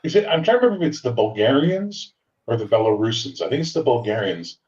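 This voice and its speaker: A man's voice: mid-range voice, big pitch swings, quick pace, a little mellow, dull audio. A man co-hosting a casual talk show, joking and swearing, with lots of "like" fillers. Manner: joking, profane, uses "like" as filler. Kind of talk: casual chat.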